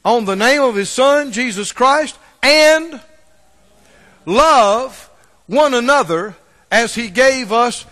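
Man, pastor, sermon, high bright voice, emphatic repetition, call-and-response, long church reverb.

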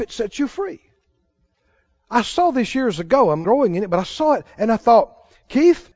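Male pastor, fervent sermon, swooping animated pitch, slightly muffled sound. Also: no echo. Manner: fervent preaching with sudden loud praise and laughter.

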